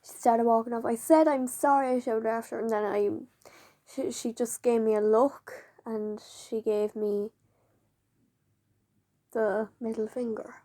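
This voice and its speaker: A woman's voice: fairly high pitch, level tone, measured pace, pauses often, dark tone. A woman casually telling a personal story to camera, chatty and fond of saying "like" as she recounts what others said. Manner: chatty, leans on "like" and acts out quoted dialogue. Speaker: vlogger.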